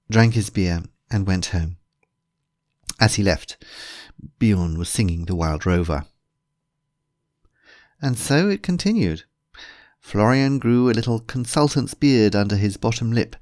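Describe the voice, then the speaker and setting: A man with a lowish voice narrates a comic short story at a steady, measured pace. His delivery is even and controlled. He sounds like a practised reader. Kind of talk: scripted narration.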